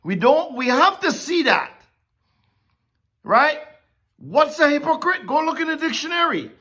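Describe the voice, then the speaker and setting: A Bible teacher giving a conversational sermon, animated and repeatedly checking in with listeners. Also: high voice, a little slow. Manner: animated, keeps checking in with "okay?" and "right?".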